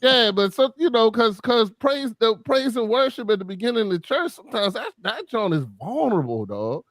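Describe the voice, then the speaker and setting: A man co-hosting a casual chat, halting and repeating himself as he speaks candidly. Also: extremely high pitch, big pitch swings, no room sound. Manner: hesitant, repeats words, candid and confessional. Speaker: podcast co-host.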